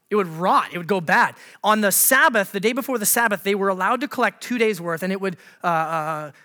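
A male pastor delivers a lively, conversational sermon in a church. His voice sits high and bright, and he keeps turning to the congregation with questions and small jokes. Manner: animated, laughs at his own jokes.

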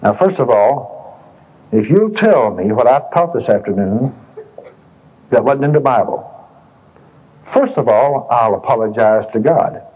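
A man's voice: medium pitch, lively intonation, measured pace, long pauses, slightly rough. A man preaching a sermon in a folksy, colloquial way, repeating phrases and telling stories to the congregation. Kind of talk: sermon with storytelling. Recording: dull lo-fi tape recording.

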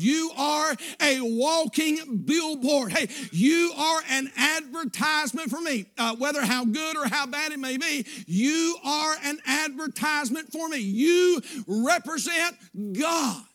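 A male pastor preaching a sermon, building up with shouted, repeated lines. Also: very high-pitched, a little slow, few pauses. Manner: preaching with shouted emphatic repetitions.

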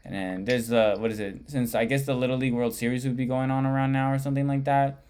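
A man's voice: medium pitch, fairly even intonation, fast talker, a little mellow, smooth. Young man rambling loosely on a podcast. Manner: rambling storyteller, swears often, heavy use of "like". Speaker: podcast host. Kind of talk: casual chat.

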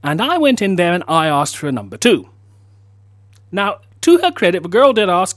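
A man's voice: sits high, sing-song, normal speed, fairly bright tone, no echo, clean studio sound. A man hosting a comedy show, telling a story with self-mocking asides. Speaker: host. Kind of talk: comedic storytelling and news segment.

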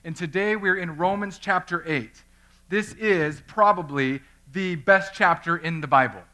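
A man in his thirties, a pastor, preaching a sermon through an animated personal story and acting out the voices in it. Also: high-pitched, measured pace.

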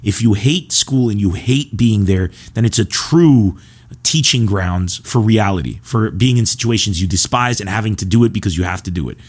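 A comedian from Lebanon telling rambling, animated stories about his school days. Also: fairly low pitch, husky. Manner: rambling and animated, with quick asides. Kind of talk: casual storytelling.

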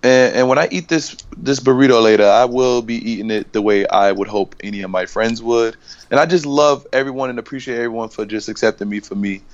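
A man's voice: mid-range voice, fairly quick. A young man with a mid-range voice jokes and rambles in slangy casual banter. His voice comes through slightly dull and lo-fi. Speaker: podcast co-host. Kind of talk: casual chat.

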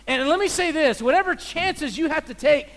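Animated preacher guy, high voice, cracks jokes mid-sermon. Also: moderate pace. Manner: animated, joking, acts out voices. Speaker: visiting preacher.

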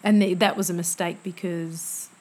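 A woman's voice: fairly low pitch, steady tone, normal speed, a little mellow. Reflective woman in her forties. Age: 40s. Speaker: podcast co-host. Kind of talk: casual chat.

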